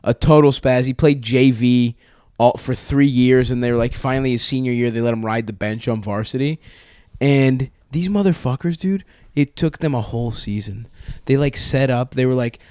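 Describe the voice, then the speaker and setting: A man's voice: mid-range voice, moderate pace, darkish tone, clear, resonant tone, dry recording, clean studio sound. A young man on a podcast telling a long story in a casual, rambling, profane way, often restarting his sentences. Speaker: podcast co-host.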